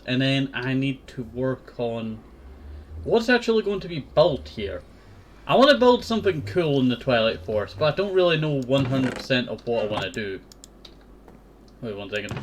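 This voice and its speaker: A man's voice: mid-range voice, slight background noise. A young man hosting a gaming channel, rambling and thinking aloud in casual let's-play commentary.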